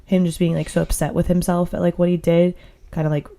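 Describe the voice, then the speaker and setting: A woman's voice: on the low side, flat delivery, fast talker, vocal fry, warm tone. A young woman co-hosting a podcast, chatting casually and meandering with many fillers. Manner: heavy use of "like", meandering. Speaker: podcast co-host.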